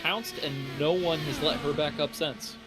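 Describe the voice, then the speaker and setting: A male color commentator with a slightly high voice breaks down drag, tire wear and racing lines during a sim race broadcast. He talks in an analytical, explaining way. Loud music runs underneath. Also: fairly even intonation, normal speed. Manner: analytical, explains car handling in detail.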